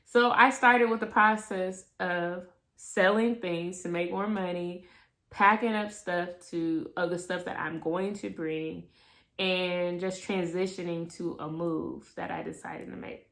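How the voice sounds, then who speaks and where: A young adult woman vlogger telling a personal story casually to camera, lively and expressive. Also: on the low side, measured pace, gravelly. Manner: animated, acts out quoted voices.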